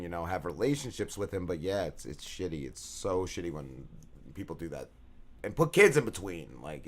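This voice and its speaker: A man from New Jersey co-hosting a casual interview podcast, chatty and quick to laugh. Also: on the low side. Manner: animated, laughs easily, chatty. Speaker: podcast co-host.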